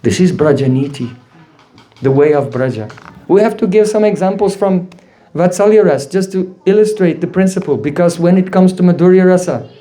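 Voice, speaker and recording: A man's voice: sits high, normal speed. A man giving a devotional lecture, telling stories and checking in with rhetorical questions. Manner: animated storyteller, asks rhetorical "hmm?". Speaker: spiritual teacher.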